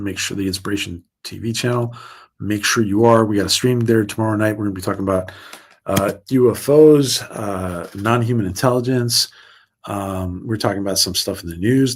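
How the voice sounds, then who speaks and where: A man's voice: fairly low pitch, moderate pace, breathy edge. A man hosting a casual livestream, chatting with viewers and reading their comments in a rambling, upbeat way with frequent restarts. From United States. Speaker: livestream host.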